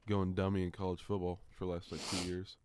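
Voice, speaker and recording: A man co-hosting a sports podcast in casual chat, deadpan and quick to argue a point. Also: deep voice, clear, resonant tone, dry recording. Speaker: podcast co-host.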